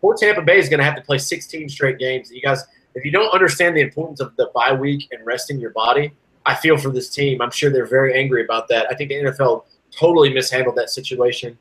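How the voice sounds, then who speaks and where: A man's voice: fast, low-quality recording. A man co-hosting a sports podcast, chatting casually and ranting with rising and falling energy. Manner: animated, ranting, swings from loud to low. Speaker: podcast co-host.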